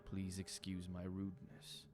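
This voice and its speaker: A man voicing a solemn ancient male ferryman of the dead, speaking slowly and formally. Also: deep voice, monotone, music in the background. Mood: grave. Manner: slow, grave and formal.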